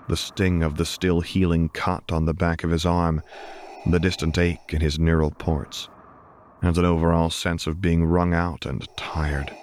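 Male audiobook reader, calm and measured, very deep voice, faint hiss in the recording. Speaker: narrator. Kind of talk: audiobook reading of fan fiction.

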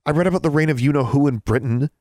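A man's voice: mid-range voice, rapid-fire, darkish tone, no room sound, studio quality, pitched above the performer's own voice, natural voice. A man voicing a stubborn, curious teenage girl witch in a storybook reading, insistent and defiant.

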